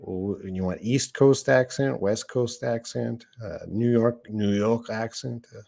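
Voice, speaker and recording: A middle-aged man teaches a live English lesson, reading viewers' questions aloud one at a time and answering them in a casual, conversational way. His medium-pitched voice is mellow and steady, with some vocal fry, and he never hurries.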